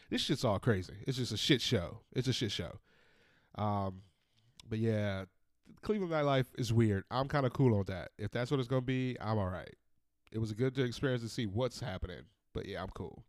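A man in his thirties hosting a podcast, ranting in a casual, profane, animated monologue. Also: on the low side, moderate pace, no room sound, studio quality. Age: 30s. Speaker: podcast host.

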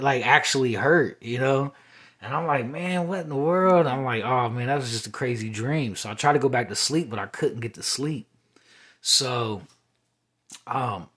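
A man's voice: on the low side, a bit bright, slightly rough. A young man hosting his own podcast, talking alone in a rambling, confessional way with many fillers. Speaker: podcast host. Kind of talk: solo podcast monologue.

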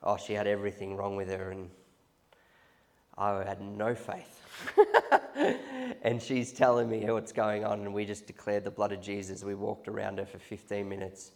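A man preaching a sermon, telling stories with animated restarts and repetitions. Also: on the low side, moderate pace, vocal fry. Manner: storytelling, animated, restarts and repeats. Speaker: pastor.

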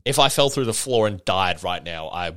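Tipsy man ranting on his podcast, swinging pitch, swears, mocks people in put-on voices. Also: moderate pace, clear, resonant tone, no echo. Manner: animated, swearing, mocking impressions. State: a bit tipsy. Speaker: podcast host. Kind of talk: casual solo podcast rant.

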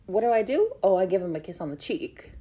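A woman's voice: medium pitch, big pitch swings, fast talker, dark tone. A young woman hosting her own podcast, telling stories in a rambling, casual way, full of fillers and the odd swear word. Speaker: podcast host. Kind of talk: casual storytelling chat.

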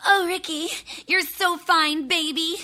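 A woman's voice: very high-pitched, steady tone, slow pace, bright, forceful tone, exaggerated voice. An actress playing a giddy young 1950s girlfriend with a breathless, gushing manner. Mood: swooning.

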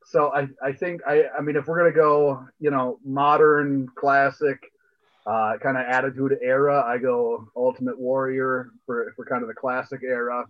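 A man's voice: mid-range voice, little pitch movement, normal speed. A man co-hosting a podcast, chatting casually in a laid-back way and circling back over his own words as he thinks. His voice sits in a middle range, and the recording comes through dull and lo-fi. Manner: laid-back, repeats phrases while thinking. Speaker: podcast co-host. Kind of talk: casual chat.

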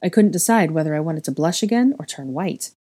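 Woman narrator for story reading, calm and steady, low mellow voice. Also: brisk, breathy edge. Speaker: reader. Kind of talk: audiobook-style fiction reading.

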